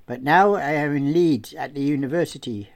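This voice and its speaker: A warm young French student girl, as a male narrator puts her on, speaks in a raised, lifted voice with a French accent. Her replies come light, polite and brief, pitched well above the reader's own. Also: normal speed, vocal fry. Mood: friendly.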